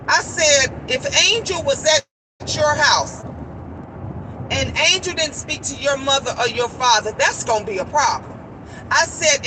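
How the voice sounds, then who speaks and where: A woman's voice: high-pitched, lively intonation, measured pace, background noise. A middle-aged woman hosting a live stream, telling a story in a casual, emphatic, blunt way and swearing freely.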